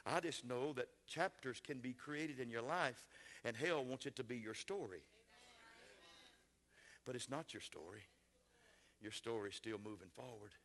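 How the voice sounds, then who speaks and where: A pastor preaching a sermon in a church, swinging from shouted, impassioned lines to quiet, tender ones. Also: male voice, medium pitch, a little slow, long pauses. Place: church sanctuary.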